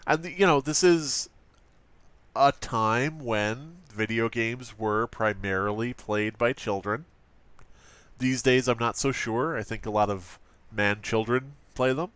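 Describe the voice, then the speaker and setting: A man's voice: medium pitch, fairly bright tone, no room sound. A man casually commenting on an old gaming magazine, joking, swearing and using lots of fillers. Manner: profane, joking, frequent fillers. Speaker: let's play host.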